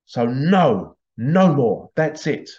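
A man's voice: mid-range voice, very animated, takes it slowly, darkish tone, lo-fi sound. A man voicing a defiant male worker ant who firmly refuses to give more. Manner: firm, emphatic refusal.

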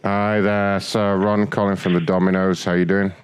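A man's voice: deep voice, little pitch movement, moderate pace, slight background noise. A man prank-calling as a pizza driver, getting combative and profane as the argument grows. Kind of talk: prank call.

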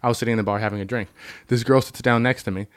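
A man's voice: mid-range voice, steady tone, very fast, clean tone, no echo, studio quality. A young man co-hosting a casual movie podcast, telling rambling jokey stories full of restarts. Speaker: podcast co-host.

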